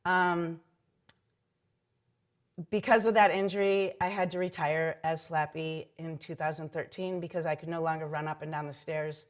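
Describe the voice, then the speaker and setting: A woman's voice: low voice, fairly even intonation, normal speed. A middle-aged woman, a former team mascot, recounting mishaps in a chatty oral history interview with frequent ums and likes. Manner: chatty anecdotal telling with many ums and likes.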